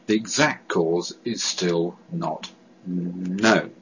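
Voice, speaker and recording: A man's voice: deep voice, normal speed, a bit bright, slight background noise. A man who stammers gives an earnest personal statement, with hesitations, repeated sounds and restarts. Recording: dull, lo-fi recording.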